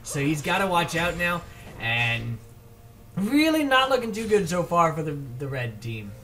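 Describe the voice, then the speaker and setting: High-voiced casual male game caster. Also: huge pitch swings, measured pace, bright, forceful tone, slight background noise. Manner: casual, rambling, trips over player names. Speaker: esports shoutcaster. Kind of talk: solo video game commentary.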